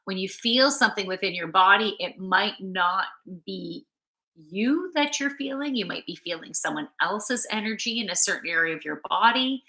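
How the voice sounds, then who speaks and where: A woman with a bright, ringing voice gives a relaxed, sleepy card reading on a live stream. She rambles easily and answers viewers' chat between readings. Her voice echoes around the room she is in. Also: mid-range voice, normal speed. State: sleepy, yawning. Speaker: spiritual card reader and yoga teacher.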